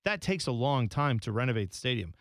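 A man's voice: mid-range voice, fairly quick, creaky, no room sound, clean studio sound. A man co-hosting a soccer podcast in casual chat, telling stories and slipping into goofy voices. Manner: animated storyteller, does goofy voices for others. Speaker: podcast co-host.

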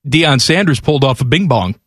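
A man's voice: medium pitch, fairly quick, slight background noise. A man with a Chicago accent co-hosting a podcast, joking in casual sports banter. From Chicago area. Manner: joking, lively, playful voices. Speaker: podcast co-host.

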